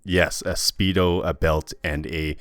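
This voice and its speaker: A man co-hosting a gaming podcast, chatting in an unhurried, halting way. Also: sits low, steady tone, fairly bright tone, no room sound. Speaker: podcast co-host. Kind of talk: casual chat.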